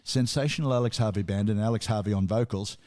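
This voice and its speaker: A man's voice: fairly low pitch, quick pace, darkish tone. A man co-hosting a casual music podcast, chatty and storytelling, with asides and laughs. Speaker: podcast co-host.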